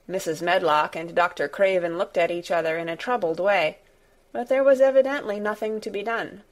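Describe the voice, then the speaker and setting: A woman narrating a classic children's novel in a steady, measured storytelling manner. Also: lowish voice. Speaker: audiobook narrator. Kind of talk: scripted narration.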